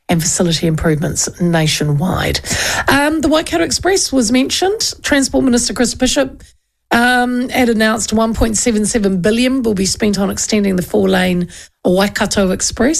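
A woman's voice: medium pitch, creaky. A woman with a New Zealand accent hosting talk radio, chatting in a rambling way and running through the news. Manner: rambling, chatty, with many restarts. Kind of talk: casual talk radio chat and news rundown.

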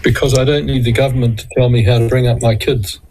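A man's voice: mid-range voice, flat delivery, fast talker, darkish tone, slight background noise, low-quality recording. An older man, a former judge guesting on talk radio, answering curtly and firmly. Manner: curt, firm answers. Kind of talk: radio interview.

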